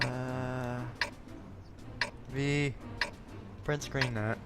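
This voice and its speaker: A man's voice: mid-range voice, a little slow, very noisy. A man hosting a gaming video, chatting casually and correcting himself as he shows off tanks. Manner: rambling, self-correcting, chatty. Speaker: gaming channel host. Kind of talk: casual gameplay commentary. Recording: game audio loud behind voice.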